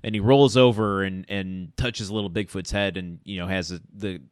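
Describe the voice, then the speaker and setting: A man co-hosting a movie podcast, retelling scenes in relaxed, casual storytelling. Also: moderate pace, clean tone, dry recording, studio quality. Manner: relaxed storytelling, lively swings in pitch. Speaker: podcast co-host. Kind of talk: casual movie review chat.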